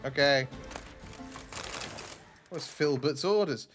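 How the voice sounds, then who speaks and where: Faint music sits behind a fairly high-pitched male voice speaking slowly. He's from southeast England, streaming a game and chatting in an animated, self-deprecating way, his S sounds faintly lisped.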